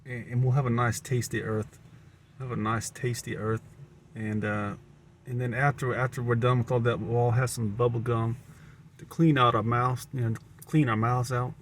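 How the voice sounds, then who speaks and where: A man's voice: medium pitch, level tone, normal speed, slight background noise. A man with a Southern American accent, musing aloud in a rambling monologue to camera, often repeating and restarting words. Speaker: vlogger. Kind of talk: rambling stream-of-consciousness monologue.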